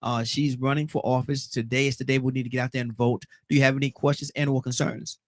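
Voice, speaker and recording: A man hosts a live call-in talk show. He talks fast in a chatty, joking way, and his voice sounds dry and close. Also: medium pitch, little pitch movement, no room sound. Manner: quick, chatty and joking with callers.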